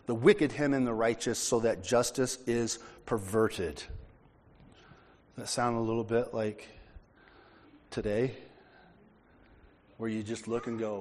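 A man's voice: medium pitch, expressive, measured pace, long pauses, fairly bright tone. A man from the United States preaching a sermon, reading scripture aloud and then explaining it in a conversational way. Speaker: pastor. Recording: long hall reverb.

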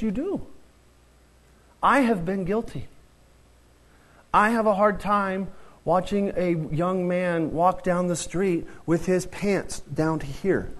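A man's voice: a little high, a little mellow. Storytelling man in his fifties preaching. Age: 50s. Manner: storytelling, conversational with joking asides. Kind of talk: sermon.

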